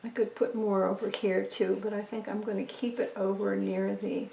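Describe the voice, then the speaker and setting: A woman's voice: medium pitch, level tone, moderate pace, gravelly, warm tone, echoey room, slight background noise, poor audio. A woman explaining her painting step by step as she works, thinking aloud and often dropping to a near whisper. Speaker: painting instructor. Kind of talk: casual tutorial narration while painting.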